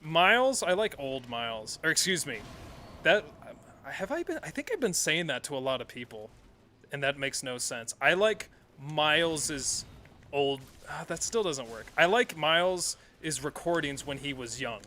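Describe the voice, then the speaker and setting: Bright-voiced male game streamer. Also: a little high, lively intonation, a little slow, slight background noise. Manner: rambling, self-correcting, swears often. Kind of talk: casual live-stream commentary while playing.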